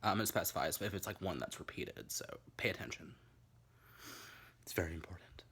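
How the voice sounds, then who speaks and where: Man, low voice, bright edge, camp rambling comic host, home bedroom. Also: a little fast, slightly rough. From Tennessee. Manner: camp, rambling and crude, many tangents. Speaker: vlog host. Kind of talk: boozy comic drinking-game monologue.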